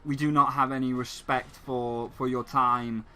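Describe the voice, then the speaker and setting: A man giving casual gaming commentary as a sarcastic rant, often stumbling and restarting his sentences. His voice sits at an average pitch and sounds bright and tense. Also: flat delivery, a little slow. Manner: ranting, sarcastic, frequent restarts. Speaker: gaming channel host.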